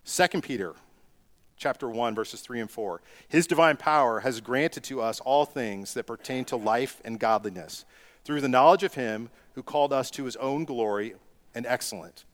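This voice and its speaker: A man's voice: mid-range voice, normal speed. A middle-aged man delivering a sermon as a pastor, asking rhetorical questions and rising into emphatic bursts.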